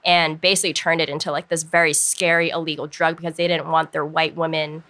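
A woman's voice: low-pitched, little pitch movement, fast, bright, forceful tone. A young woman chatting casually as a podcast guest, talking with lots of "um" and "like" fillers. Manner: chatty, filler-heavy, frequent "um" and "like".

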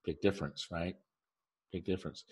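A man with a fairly low voice tells an animated story on a podcast, full of asides and little detours. He repeats key phrases for emphasis as he talks about relationships like the therapist he is. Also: normal speed. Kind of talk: podcast monologue.

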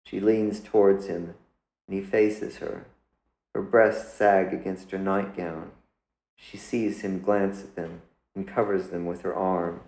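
A man, the author, reading his own literary story aloud in a measured, deliberate way. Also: low-pitched, flat delivery, darkish tone, echoey room, low-quality recording. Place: indoors.

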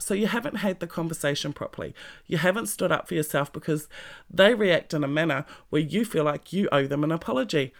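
A creaky, gravelly voice delivers a blunt motivational monologue, swearing freely and pressing the listener with direct questions. The pitch sits in a middle register, and the delivery stays emphatic and plain-spoken throughout. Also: lively intonation, fairly quick. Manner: speaks straight to the listener with pointed questions. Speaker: self-help vlogger.

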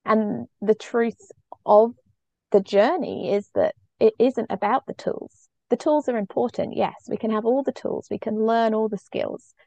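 A woman's voice: fairly high pitch, measured pace, vocal fry, warm tone, no room sound, highs cut off. A middle-aged woman, a parenting coach, speaking earnestly and openly as a podcast guest. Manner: earnest, reflective, emotionally open. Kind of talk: conversational interview storytelling.

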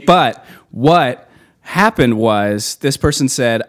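A man's voice: mid-range voice, animated, normal speed. Give me an exasperated man telling barista stories. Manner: exasperated storytelling, acting out customers. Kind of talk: casual chat.

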